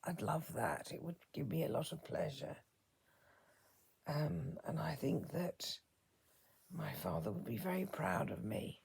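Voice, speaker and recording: A woman in her fifties talks slowly through a personal reflection, soft-spoken and halting. Her voice is very breathy and gravelly with strong vocal fry, and her words keep fading into a whisper. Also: low-pitched, sing-song. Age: 50s. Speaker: vlogger.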